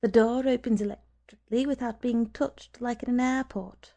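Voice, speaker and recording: A woman's voice: on the high side, fairly even intonation, normal speed, mellow. A woman playing a careful lady. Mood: eager, polite. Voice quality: gravelly, careful with her English. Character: shy, careful French woman, middle-aged.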